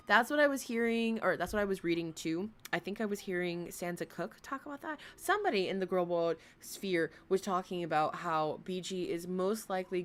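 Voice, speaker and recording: Blunt profane woman streamer. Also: lowish voice. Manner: blunt, profane, animated commentary. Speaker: livestream reaction host. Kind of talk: casual reaction livestream chat.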